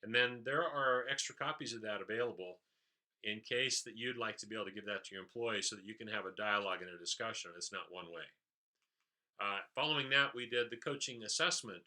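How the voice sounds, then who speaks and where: A man's voice: lowish voice, sharp tone. A man leadership trainer giving an explanatory recap of a training session, with frequent "uh" fillers.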